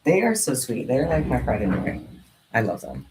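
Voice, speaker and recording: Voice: mid-range voice, wildly swooping pitch, moderate pace, background noise. Young crafter chatting casually, roomy distant sound. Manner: coos and baby-talks to pet cats. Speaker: craft vlogger. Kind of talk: casual chat while crafting. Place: home room.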